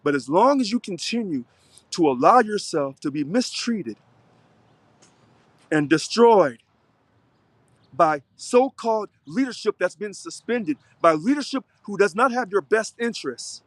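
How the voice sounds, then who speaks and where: Fiery preachy man with a high voice. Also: expressive, measured pace, no room sound. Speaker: local union president. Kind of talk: unscripted video monologue.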